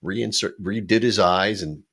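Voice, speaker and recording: Casual podcast co-host, middle-aged man, very low voice, rambling storyteller. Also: unhurried, a bit bright. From Philadelphia. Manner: rambling, laughing storyteller with frequent restarts.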